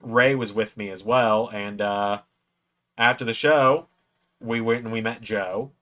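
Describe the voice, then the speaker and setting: A man's voice: on the low side, fairly even intonation, measured pace, a bit bright. A man hosting a watch-along, telling a long personal story in a casual, rambling way from a room at home. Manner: rambling anecdote, acts out quoted lines in a raised voice.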